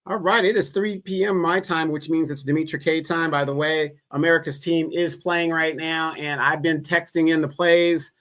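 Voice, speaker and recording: Male panel guest, easygoing chat, pitch sits a bit high. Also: fairly even intonation, moderate pace, hardly any pauses, a bit bright. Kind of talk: casual chat.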